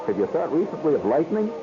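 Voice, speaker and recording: A man hosting a radio show, telling a story in an animated way, acting out voices and sounds and laughing often. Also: medium pitch, moderate pace, over music. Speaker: radio host. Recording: dull lo-fi 1970s radio broadcast with hiss.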